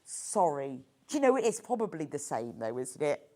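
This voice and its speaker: This woman hosts a live shopping broadcast at normal speed with few pauses. Her voice swoops high and low in eager delight as she gushes over each item, laughs easily, and keeps her pitch lively throughout.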